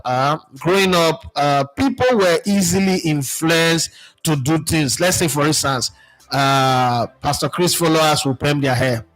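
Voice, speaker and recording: A Nigerian sports radio presenter speaking in a casual, animated monologue, mixing in pidgin phrases as he reflects. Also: on the high side, rough recording.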